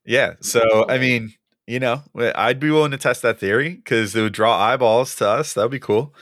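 A young man co-hosting a casual podcast chat, halting and full of ums and uhs, chuckling often. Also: medium pitch, fairly bright tone. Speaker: podcast co-host.

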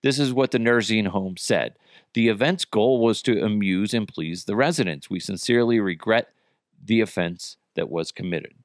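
A man's voice: lowish voice, normal speed, no room sound, clean studio sound. A middle-aged man hosting a podcast, ranting about news headlines in a profane, exasperated, comedic way. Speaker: podcast host.

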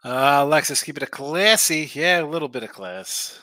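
A man's voice: fairly high pitch, animated, normal speed, pushed and bright, dry recording. A tired man hosting a sports betting live stream, chatting casually and reading viewer comments aloud in a laid-back, slangy, rambling way. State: tired, yawning, injured arm. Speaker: sports betting show host.

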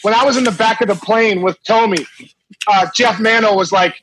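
A middle-aged man, a former ballplayer, telling a lively anecdote in a casual, animated way with many restarts. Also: high-pitched, moderate pace, a little hiss or hum, poor audio. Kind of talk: casual storytelling.

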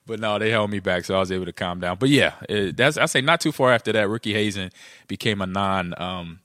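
Bright-voiced man telling lively stories. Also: quick pace, dry recording, studio quality. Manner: animated, acts out quotes with jumps in pitch. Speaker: podcast co-host, former football player. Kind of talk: casual storytelling chat.

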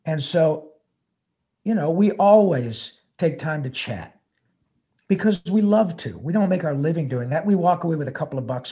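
A man's voice: a little high, mellow. An older man, a guest voice actor, telling a story in an interview in an earnest, emotional way, rambling with restarts.

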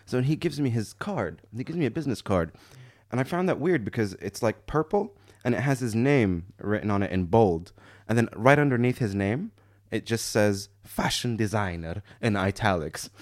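Man, from Morocco, young adult, casual storyteller, laughs a lot, low pitch, dry recording. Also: moderate pace, no echo. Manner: laughs often, animated when quoting people. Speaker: podcast host telling a story.

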